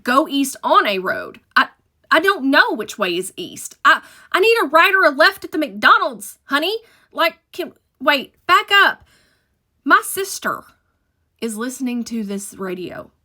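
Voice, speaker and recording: A woman's voice: high voice, very animated, measured pace, bright, forceful tone. A middle-aged woman telling a story about her old dispatch job in a profane, emphatic, dramatic way. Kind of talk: casual storytime monologue.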